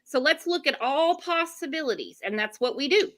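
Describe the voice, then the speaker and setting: Woman live-stream host, high bright voice, casual chat. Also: animated. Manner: chatty, fast asides to chat. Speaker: livestream host.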